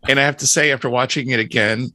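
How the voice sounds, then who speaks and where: A man's voice: medium pitch, steady tone, fast, sharp tone, no echo. A man on a video call podcast, telling a rambling, enthusiastic story in casual chat. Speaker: podcast panelist.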